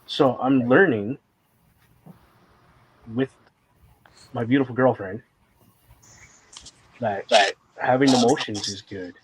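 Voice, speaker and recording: Husky-voiced man speaking earnestly. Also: medium pitch, takes it slowly, pauses often, rough recording. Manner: earnest and emotional, rambling with fillers; candid, fighting back tears at times. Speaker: guest sharing a personal story. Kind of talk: casual conversation.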